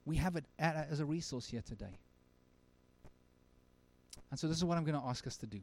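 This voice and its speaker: A male pastor preaching a sermon at a church service, earnest, swinging from emphatic lines to very quiet ones. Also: on the high side, lively intonation, brisk.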